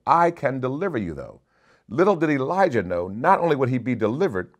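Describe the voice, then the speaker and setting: A man's voice: mid-range voice, sing-song, a little fast. A man preaching a sermon as a bishop, reading scripture aloud and building in intensity.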